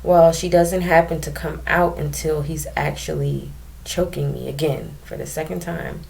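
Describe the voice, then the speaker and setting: Low, gravelly young woman telling her story. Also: fairly even intonation, moderate pace, a little mellow, a little hiss or hum. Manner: candid, emotional, with many ums and restarts. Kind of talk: personal storytelling to camera.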